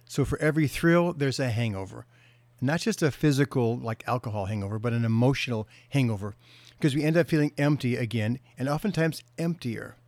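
A middle-aged man, a counselor, giving an earnest motivational talk and slowing down to stress key words. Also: mid-range voice, a little mellow, no echo. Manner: earnest storytelling, slows for emphasis.

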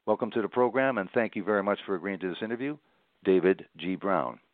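A man with a lowish voice hosts an interview, speaking in a measured, formal way. The sound is thin and phone-like, and it is dry, with no room echo. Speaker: radio show host. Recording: tinny phone-like line, dry.

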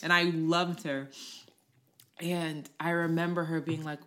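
A young adult woman co-hosting a podcast, telling a personal story in casual chat, candid and quick to swear as she acts out what people said. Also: deep voice, little pitch movement, fairly bright tone. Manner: candid, swears freely, acts out quoted voices. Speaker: podcast co-host.

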